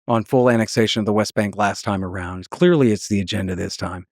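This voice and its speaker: A man's voice: medium pitch, fast talker, few pauses, no echo, clean studio sound. A man as a podcast guest, talking in a heated, mocking storytelling manner and acting out the voices of people he quotes.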